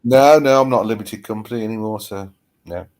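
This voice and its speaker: Relaxed, joking male guest. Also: a little fast. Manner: relaxed, joking, drops to low mutters. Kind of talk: casual livestream chat.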